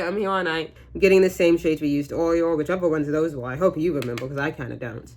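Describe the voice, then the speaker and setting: An American beauty vlogger in her twenties talks through a makeup tutorial in a casual, jokey, rambling way, with fillers and the occasional swear word. Her voice is low-pitched and darkish in tone, and she talks fast with few pauses.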